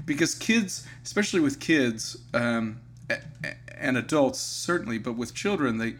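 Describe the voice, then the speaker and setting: A man's voice: medium pitch, expressive, moderate pace, a bit bright. A man co-hosting a podcast, speaking earnestly and reflectively in casual conversation with his co-host. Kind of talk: casual chat.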